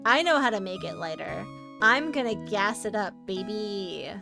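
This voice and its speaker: A woman streaming a retro adventure game, chatting casually and playfully with her viewers and breaking into loud bursts of frustration. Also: medium pitch, lively intonation, moderate pace, vocal fry, over music. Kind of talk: casual live-stream commentary.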